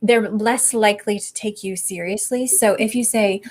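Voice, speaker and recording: A woman's voice: mid-range voice, steady tone, normal speed. Thoughtful woman coaching on communication. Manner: thoughtful, explanatory, with some self-corrections. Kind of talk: live online Q&A answer.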